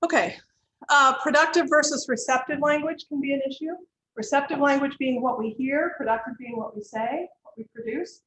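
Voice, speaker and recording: A middle-aged woman lecturing students on counseling, explaining clearly and directly with worked examples. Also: high voice, a little fast, a bit bright. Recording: echoey room, faint background hiss.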